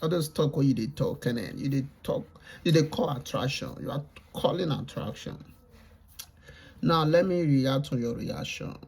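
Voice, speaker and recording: Gravelly Nigerian man lecturing. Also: medium pitch, animated, normal speed, a little mellow. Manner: repetitive, lecturing, mixes Pidgin with English. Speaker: reaction vlogger. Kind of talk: casual reaction commentary.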